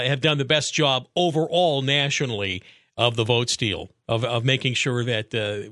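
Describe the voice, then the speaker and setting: A man's voice: medium pitch, bright, forceful tone, no echo, clean studio sound. A male radio talk show host in casual, opinionated talk, often sarcastic and emphatic. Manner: sarcastic, emphatic, with mocking voices.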